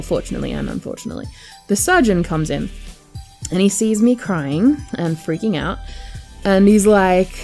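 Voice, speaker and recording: Young woman vlogging a personal story, mellow tone, faint music behind. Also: lowish voice. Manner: candid and chatty, many fillers like "like".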